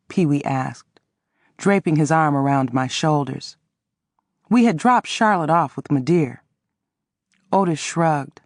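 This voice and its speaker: A woman narrating a first-person audiobook in an expressive, dramatic reading. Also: low-pitched, takes it slowly, long pauses, dry recording, clean studio sound.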